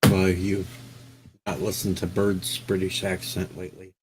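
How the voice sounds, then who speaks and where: A man's voice: deep voice, monotone, a little slow, over loud music, low-quality recording. A man hosting a radio show, trading dry jokes in casual on-air chat. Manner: joking, dry banter.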